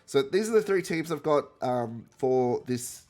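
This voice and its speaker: A man with a stuffy, nasal voice from being sick talks through a video game in a loose, chatty way. He often stops, corrects himself and wanders off topic. Soft music plays faintly behind him. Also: mid-range voice, lively intonation, unhurried. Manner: rambling, self-correcting, chatty. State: sick with a cold. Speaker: gaming content creator. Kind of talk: casual gameplay commentary.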